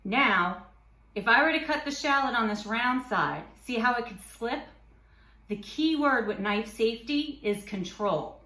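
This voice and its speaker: A cooking instructor gives a kitchen demonstration, patiently explaining each step and slipping in playful asides. Her fairly high voice is animated, pushed, and bright at a measured pace, and the sound is roomy.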